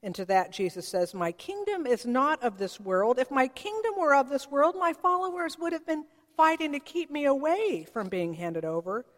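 A woman's voice: high voice, big pitch swings, moderate pace, hardly any pauses. A woman preaching a sermon in a reflective way, often acting out the voices she quotes. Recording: long reverb of a large hall.

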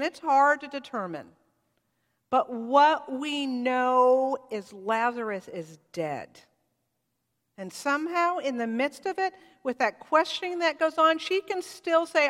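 A woman pastor delivers a sermon in a church sanctuary, her voice set a little high. She speaks slowly and earnestly, letting phrases rise with feeling and then drop to something soft and reflective. A long reverb trails each line. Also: animated. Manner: heartfelt, reflective preaching with rising emphasis and quiet pauses.

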